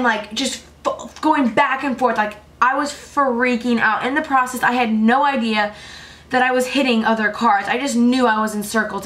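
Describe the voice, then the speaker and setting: A teenage girl vlogging at home late at night, her voice sitting a little high. She rambles through her stories in a breathless, casual way and leans on filler words. The feel is a personal chat straight to the camera. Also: fairly bright tone. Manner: chatty, filler-heavy, breathless retelling.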